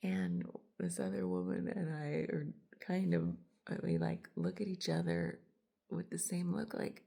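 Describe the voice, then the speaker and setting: A woman's voice: on the low side, animated, a little slow, creaky, long pauses, mellow, slightly rough. A woman in her late forties, a body worker, telling a chatty, laughing story in a casual monologue and acting out the lines people said. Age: 40s. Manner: chatty, laughs often, acts out quoted lines. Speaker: body worker and podcast host.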